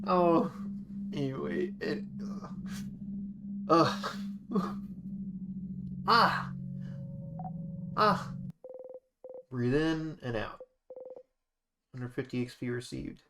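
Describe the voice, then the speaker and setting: A woman's voice: a bass voice, sing-song, very slow, pauses often, noisy background. A woman streaming a story game, reacting emotionally and reading the text aloud. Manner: emotional, exclaiming and laughing at the story. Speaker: gaming streamer. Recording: clear game music behind. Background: game music.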